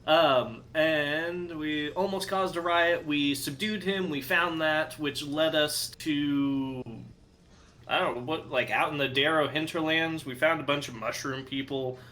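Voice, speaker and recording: A man's voice: on the high side, steady tone, measured pace, bright, forceful tone, slight background noise. A man playing a tabletop game character, blunt, joking and rambly. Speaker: player. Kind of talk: casual tabletop role-play.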